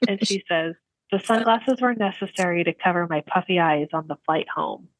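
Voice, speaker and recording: A middle-aged woman co-hosting a casual podcast chat, telling lively stories and laughing often. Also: fairly low pitch, normal speed, dry recording, poor audio. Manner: animated storyteller, laughs often. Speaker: podcast co-host.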